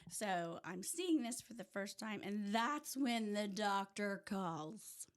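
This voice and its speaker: A woman from rural Oklahoma with an Oklahoma accent, a podcast guest telling her personal story in casual chat, lively and sometimes dropping to a near-whisper. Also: medium pitch, slow pace. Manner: animated storyteller who drops to a hush at tense moments. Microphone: audio-only podcast mic.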